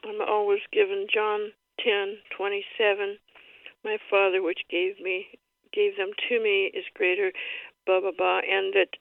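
A woman caller from the Seattle area asking a question hesitantly, clearing her throat between words. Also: mid-range voice, little pitch movement, unhurried, no room sound. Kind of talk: phone-in question. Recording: tinny phone line.

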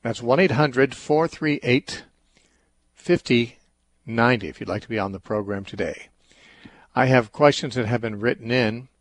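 Middle-aged male call-in host, calm explainer, husky tone, dry studio mic, mid-range pitch. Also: moderate pace, dry recording. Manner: calm, reasoning, explains with everyday examples. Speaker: radio call-in show host. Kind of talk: call-in Bible teaching talk.

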